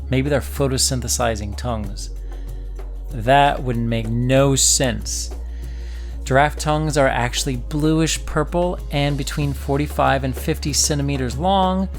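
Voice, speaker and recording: A man hosting a children's nature and science podcast, explaining facts in a playful, jokey way and asking the listener questions. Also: mid-range voice. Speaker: host of a kids' science podcast. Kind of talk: educational narration for children.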